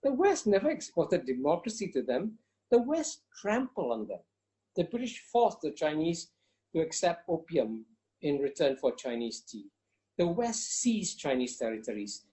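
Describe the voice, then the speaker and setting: A man with a mellow, warm-toned voice makes his case in an interview. He talks emphatically and insistently, doubling his words to drive a point home and refusing to be cut off. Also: a little high, big pitch swings, normal speed. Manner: emphatic, insistent, repeats phrases for stress. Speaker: interview guest. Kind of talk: forceful argumentative interview answer.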